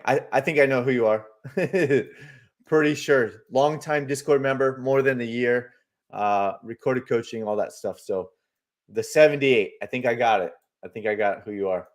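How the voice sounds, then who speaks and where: A man hosting a live market stream, speculating loosely about charts and answering viewers' comments with many fillers. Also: medium pitch. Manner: chatty, reads viewer comments aloud and answers them. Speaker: livestream market analyst host.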